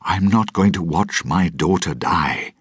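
A man's voice: sits low, expressive, a little slow, a bit bright, slightly rough, no echo, studio quality, voice pushed up, heavily acted. A man voicing a worried middle-aged colonial governor who is protective of his daughter, speaking urgently. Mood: insistent. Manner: urgent, pleading.

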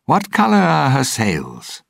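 A man's voice: mid-range voice, huge pitch swings, takes it slowly, gravelly, dry recording, studio quality, voice pushed up, full character voice. A man voicing a stern merchant ship captain who barks orders. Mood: commanding. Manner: commanding, giving orders.

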